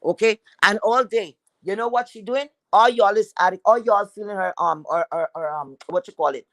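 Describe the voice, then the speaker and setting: Woman streamer, mid-pitched, cursing and scolding her viewers, close and dry sound. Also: normal speed, a bit bright, no echo, poor audio. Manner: blunt, profane, scolding. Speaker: livestream commentator. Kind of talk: heated commentary rant.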